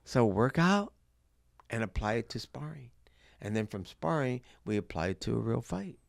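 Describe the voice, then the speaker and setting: A man's voice: mid-range voice, normal speed, gravelly, dry recording, clean studio sound. A middle-aged man, a boxing coach, telling stories in a casual interview with lots of fillers. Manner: animated storyteller with many fillers.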